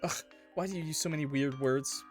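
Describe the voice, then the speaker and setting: A man's voice: fairly high pitch, a little fast, soft background music, pitched above the performer's own voice, natural voice. A man voicing a bratty, scheming young woman who talks in a snide, mocking way. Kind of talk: game voice acting.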